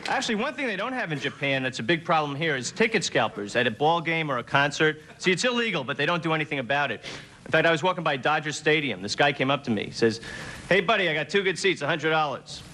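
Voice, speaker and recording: A young man doing a deadpan stand-up routine on a TV studio stage, slipping into quick character voices. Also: a little high, a faint crowd. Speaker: stand-up comedian. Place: TV studio stage before a live audience.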